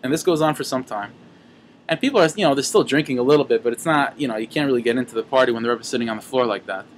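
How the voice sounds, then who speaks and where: A man teaching a Torah lesson through an animated story, sprinkled with Yiddish and Hebrew terms and frequent restarts. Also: mid-range voice, very fast, slight background noise.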